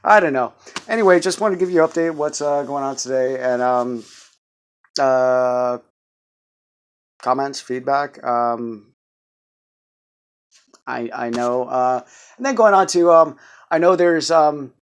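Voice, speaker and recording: A man's voice: mid-range voice, a little slow, long pauses, clear, resonant tone. A man in his thirties giving a rambling, stammering vlog update in a jumpy voice. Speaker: vlogger.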